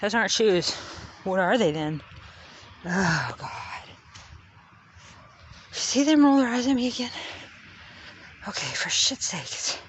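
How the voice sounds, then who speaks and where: A woman's voice: medium pitch, lively intonation, slow pace, long pauses. Rambling woman vlogging on a noisy beach. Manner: joking, bickers with herself in different voices. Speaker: reverend vlogger. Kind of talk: rambling self-talk vlog. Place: outdoors on a beach.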